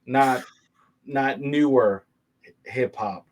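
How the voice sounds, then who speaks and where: A man's voice: medium pitch, extremely slow. Musing American man reacting. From United States. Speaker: video reactor. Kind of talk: casual chat.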